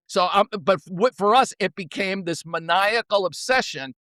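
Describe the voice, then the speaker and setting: A man in a podcast interview, telling stories in an energetic, blunt way and swearing freely. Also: sits high, normal speed, few pauses, no room sound. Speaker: podcast guest, former co-CEO. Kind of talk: casual storytelling.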